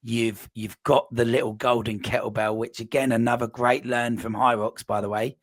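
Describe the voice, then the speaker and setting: A man's voice: mid-range voice, little pitch movement, normal speed, dry recording. A man hosting a podcast, enthusiastic and rambling, with plenty of fillers. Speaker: podcast host, coach. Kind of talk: casual podcast interview.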